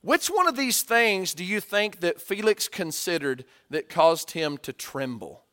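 Male preacher, higher pitch, sermon with dramatic loud-soft swings. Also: big pitch swings, measured pace. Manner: swings from hushed to loud, acts out story voices.

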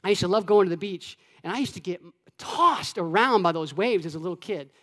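A man from Florida preaching a sermon to his church, animated, acting out voices and dropping to a hush at times. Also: high-pitched, brisk. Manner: animated, acts out God's voice and his own childhood taunts, with soft hushed stretches. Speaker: pastor. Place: church sanctuary with long reverb. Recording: echoey church hall.

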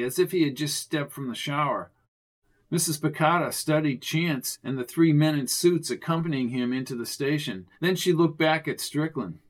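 A man giving scripted narration of a mystery audiobook in a steady, measured way. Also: fairly high pitch.

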